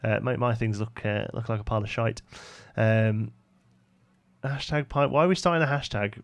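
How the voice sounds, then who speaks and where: This man's creaky, low-side voice moves at a normal speed in a dry recording. With his Brummie accent from the West Midlands, England, he chats casually on a live stream as he builds, reading out viewers' messages and answering them.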